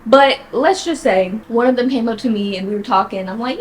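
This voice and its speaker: A young woman talking casually to her viewers, chatty and animated, laughing often and jumping high in pitch when she quotes people. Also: brisk, few pauses, a little hiss or hum, poor audio. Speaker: vlogger. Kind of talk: casual chat to camera.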